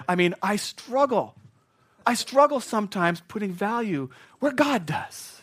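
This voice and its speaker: A man preaching a sermon in a conversational way, dropping to a hush and rising to loud asides. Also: high voice, big pitch swings, measured pace, slightly rough. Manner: conversational preaching, swings from hushed to shouted asides. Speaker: pastor.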